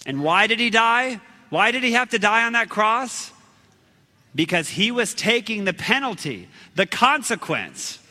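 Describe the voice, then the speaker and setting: Animated man preaching in a reverberant hall. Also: high voice, unhurried. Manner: animated, acts out shouts and quotes, laughs at himself. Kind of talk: storytelling sermon.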